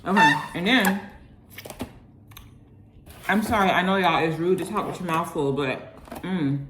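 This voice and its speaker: A young woman vlogging at home, gushing with excitement over takeout food and sometimes talking with her mouth full. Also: fairly low pitch, measured pace, roomy sound, very noisy. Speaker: lifestyle vlogger. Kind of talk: casual food review to camera. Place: at home, indoors.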